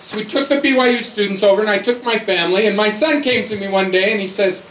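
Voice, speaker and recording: Talking fast with few pauses, a high-voiced, middle-aged North American youth conference speaker tells funny, emphatic stories in a sermon to young people. The setting is a large hall with an audience, recorded from a distance with echo and crowd noise.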